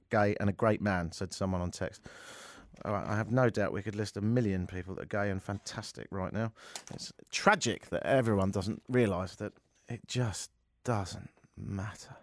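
In a radio studio, a male talk-show host with a fairly low voice speaks at a moderate pace into a studio microphone. The sound is clean and dry. His monologue rambles sarcastically, packed with mocking asides.

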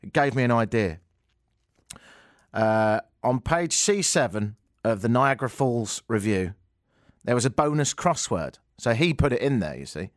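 A man's voice: mid-range voice, lively intonation, moderate pace, no echo, clean studio sound. A man hosting a comedy show, reading a news story aloud with sarcastic, mocking asides. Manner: sarcastic, mocking, jumps between shouty and muttered asides.

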